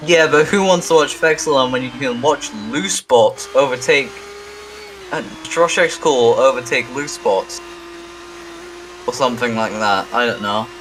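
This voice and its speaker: Joking halting male race commentator. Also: mid-range voice, fairly bright tone, a little hiss or hum, low-quality recording. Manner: joking, self-deprecating, halting. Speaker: sim racing commentator.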